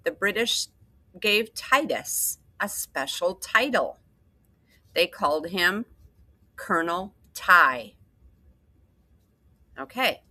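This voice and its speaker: A woman teacher reading a story aloud and slowly explaining vocabulary words with patient repetition. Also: lowish voice, bright, forceful tone, no room sound.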